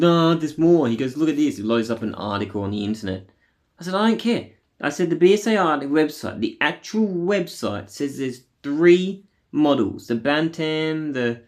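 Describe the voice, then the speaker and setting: A man venting in a casual monologue, angry and rambling, swearing often and stopping on fillers. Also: mid-range voice. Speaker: vlogger.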